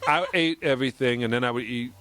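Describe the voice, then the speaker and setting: A middle-aged man giving a casual interview at an event, chatty and quick to laugh, telling stories with quoted voices. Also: medium pitch, sharp tone, slight background noise. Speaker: interview guest.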